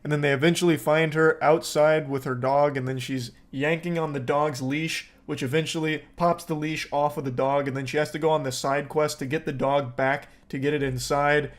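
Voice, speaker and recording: A man's voice: a little high, fairly even intonation, normal speed, hardly any pauses. A man giving wry, sarcastic commentary on a video, laughing and swearing. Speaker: streamer reacting to video. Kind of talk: casual commentary.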